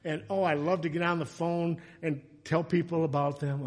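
A man preaching a sermon in a chatty, animated way, breaking into loud, emotional passages. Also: on the high side, normal speed. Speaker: pastor.

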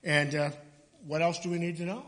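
A male pastor preaches in a church with a slightly high voice. His delivery is loose and chatty, full of restarts and self-corrections as he moves through the passage. He speaks easily to his congregation and slips in small jokes. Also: fairly even intonation, fairly quick, a bit bright, big-room sound. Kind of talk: sermon.

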